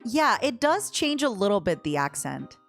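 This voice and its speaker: A woman's voice: mid-range voice, very animated, normal speed, soft background music. A young woman streaming a game, chatting and giggling in a playful, casual way. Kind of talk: casual gameplay commentary.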